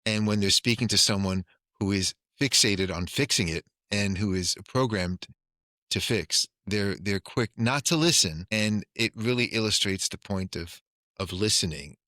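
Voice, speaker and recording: A male podcast host reflects thoughtfully in a casual conversation. His voice sits somewhat low. The sound is dry and close to the mic. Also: pushed and bright, no echo.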